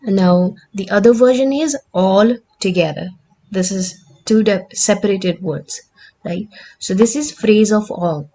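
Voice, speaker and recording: A woman with a mellow, medium-pitched voice speaks a little slowly. As an English teacher, she explains the meaning and pronunciation of word pairs in a vocabulary lesson, often checking in with "right?".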